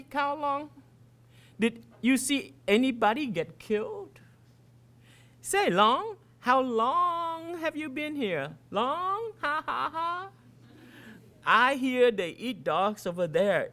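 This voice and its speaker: A man voicing a pack of taunting schoolboys, with a high mocking sing-song delivery. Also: expressive, slow, sharp tone, exaggerated voice. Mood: jeering. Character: taunting schoolboys, jeering and crude.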